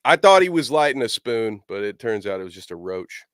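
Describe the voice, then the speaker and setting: Male co-host, mid-pitched, bouncy up-and-down delivery, jokey and profane, dry mic. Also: brisk, no echo. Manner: jokey, lively, swears freely. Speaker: podcast co-host. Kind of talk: casual chat.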